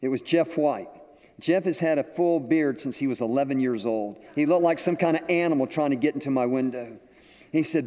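Older guy preaching, telling stories, warm mellow tone, long reverb like a church. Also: mid-range voice, a little fast. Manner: storytelling, animated. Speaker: pastor. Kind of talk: sermon. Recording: echoey hall with long reverb.

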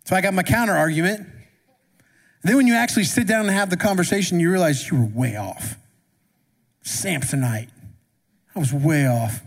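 High-voiced man preaching in a reverberant hall. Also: animated, normal speed, long pauses. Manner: conversational, asks the congregation questions. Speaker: pastor. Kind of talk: sermon. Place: church sanctuary. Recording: long reverb of a church hall.

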